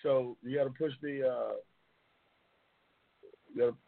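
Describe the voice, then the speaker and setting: A male talk show host chats loosely on a live stream, slangy and rambling, repeating himself. His voice is husky and mid-pitched. It comes through a tinny, phone-like line. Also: fairly even intonation, unhurried. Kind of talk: casual live-stream chat.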